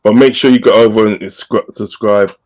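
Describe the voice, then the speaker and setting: A man's voice: fairly low pitch, fairly even intonation, normal speed, lo-fi sound. A man hosting a casual live-stream chat, reading out viewers' messages with frequent laughter. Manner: laughs often, reads out chat shout-outs. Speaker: host.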